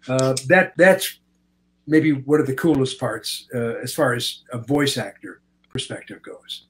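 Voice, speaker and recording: An older man from Canada, a voice actor telling stories in a relaxed interview and slipping into voices as he goes. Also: mid-range voice, a little slow, poor audio. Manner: animated, slips into voices while telling stories. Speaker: guest voice actor. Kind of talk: casual interview storytelling.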